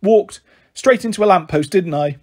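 A brisk, frazzled young mother on the run, her voice husky and pitched a little high, as a man reads her part. She talks in quick, clipped snaps. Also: darkish tone. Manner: brisk, snapping.

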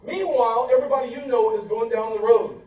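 A male pastor preaching a lively sermon, playful and animated, acting out quotes, in a church sanctuary. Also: extremely high pitch, fast, far from the mic. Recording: roomy church from afar.

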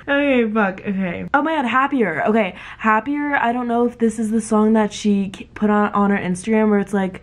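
A woman's voice: medium pitch, fairly even intonation, brisk. A woman reacting to an album in a casual vlog. She gushes with emotion and swears freely. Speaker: music reaction vlogger. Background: faint music playing.

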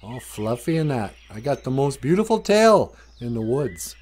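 A man's voice: medium pitch, very animated, moderate pace, darkish tone, husky. A man voicing a vain, boastful male beaver in a told story, bragging in a raised voice. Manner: bragging, then whiny.

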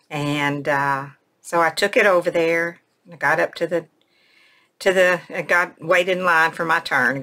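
A woman, a craft vlogger, casually telling a personal story in a soft, emotional way and retelling conversations word for word. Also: deep voice, vocal fry. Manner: rambling, retells conversations in quotes.

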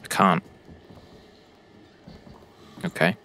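A man's voice: drawn-out words, sharp tone. A young British man giving joking commentary while playing a game, talking to the characters on screen. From Britain. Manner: jokey, talks to the game characters. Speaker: gaming YouTuber.

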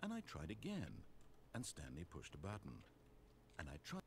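A calm, wry video game narrator, telling the story in measured phrases that swoop widely in pitch. His voice sits fairly low, and he sounds composed even when he turns pleading. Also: slight background noise, exaggerated voice.

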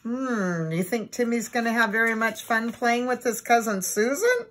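An older woman hosting a bedtime story show, chatting warmly and reading a children's book aloud. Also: on the high side, expressive, normal speed. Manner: chatty, homely, reminiscing asides. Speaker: storyteller host.

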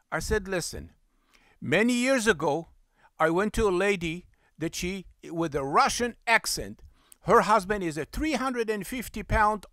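Middle-aged man, animated storyteller, high and lively pitch. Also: normal speed, no echo, studio quality. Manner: animated, acts out both sides of the dialogue. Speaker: rug cleaning business owner. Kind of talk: storytelling monologue.

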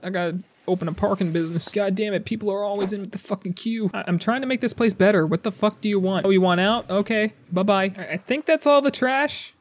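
Sarcastic, profane gamer. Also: male voice, high voice, a little hiss or hum. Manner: profane, sarcastic, jokey, talks to the game characters. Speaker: gaming YouTuber. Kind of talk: casual gameplay commentary.

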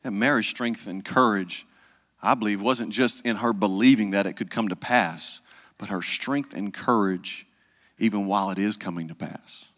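A male pastor, preaching a conversational sermon and dropping to a hush for the solemn parts. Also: fairly low pitch, moderate pace, in a large hall. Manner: conversational preaching, acts out quoted voices, drops to hushed tones.

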